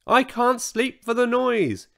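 A man's voice: medium pitch, big pitch swings, unhurried, fairly bright tone. A man voicing a grumbling, bossy old male triceratops in a children's storybook. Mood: grumpy. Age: older.

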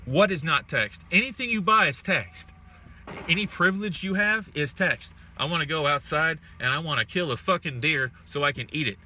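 Young man, casual vlogger, bright edgy voice, profane exasperated rants. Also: fairly high pitch, moderate pace, slight background noise. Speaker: vlogger reading live chat. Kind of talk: ranting casual smoke-break chat.

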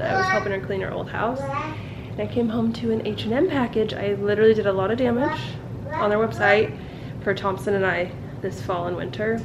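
A young woman talks loosely to her phone camera in a vlog, in a mid-range voice, stringing thoughts together with plenty of "like" and "um". Her chat sits over loud, steady background noise. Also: mid-range voice. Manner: chatty, rambling, lots of "like" and "um". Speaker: vlogger and mom.

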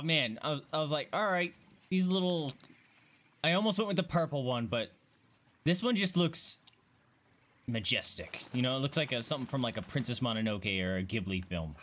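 A man gives casual let's-play commentary, gushing over the game he's playing. His slightly high voice swings widely, jumping into squeals and gasps. He swears freely and sounds thrilled throughout. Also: fairly bright tone. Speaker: gaming streamer.

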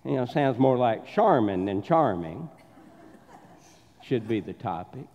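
A man's voice: medium pitch, big pitch swings, measured pace, a little mellow. A man with a Southern accent preaching a sermon as pastor, telling stories and doing the voices of the people in them. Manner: storytelling, acts out the voices in his anecdotes. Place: church sanctuary. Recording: dull sound with long church reverb.

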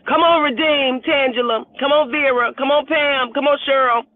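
This casual livestream host greets her viewers individually by name, laughing frequently as she urges them to vote. She speaks at a normal speed in a high-pitched voice with fairly even intonation. A phone camera at arm's length gives a dry, tinny recording.

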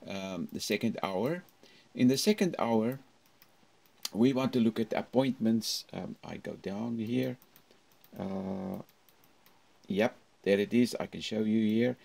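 A man who teaches at a university, giving a recorded English lesson in a slow, halting way with many fillers, and modeling how to say each phrase. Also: on the low side, gravelly, darkish tone. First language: Afrikaans. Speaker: university lecturer.

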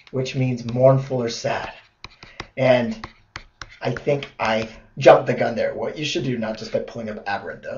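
A man teaching a video lesson, telling goofy stories in a playful, animated way. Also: mid-range voice. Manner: playful storytelling, animated asides. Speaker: test prep tutor. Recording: roomy, dull lo-fi sound.

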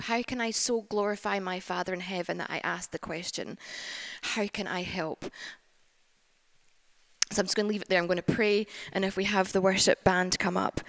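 A woman preaching a sermon at a church service, earnest and warm-hearted, moved to tears at times. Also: medium pitch, vocal fry, no room sound. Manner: earnest, gets emotional and laughs through tears.

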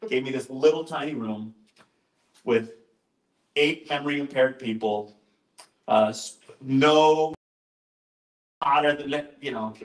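A man's voice: medium pitch, slow, pauses often. A male pastor giving an informal, conversational talk, often interrupting himself with asides and jokes. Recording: roomy echoing room.

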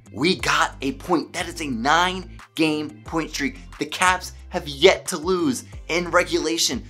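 A hockey fan vlogger with a medium-pitched voice gives an excited solo recap of a game. He is emphatic and stumbles over his words when he gets worked up.

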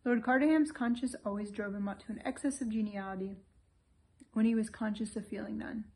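A woman reading a classic novel aloud in steady, clear scripted narration. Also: mid-range voice, a little fast. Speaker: audiobook reader.

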